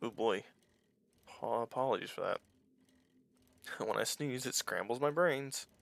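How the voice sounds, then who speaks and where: Man, let's-play commentary, gravelly fry, bright tone, rambling, candid, casual swearing. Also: mid-range voice, a little slow. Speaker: small YouTuber playing a game.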